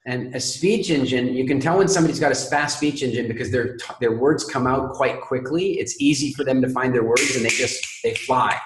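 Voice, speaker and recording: A man coaching a caller on a group call, explaining calmly with analogies. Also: mid-range voice, fairly quick, hardly any pauses, roomy sound, slight background noise, rough recording. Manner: calm explanatory, uses analogies. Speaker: speaking coach.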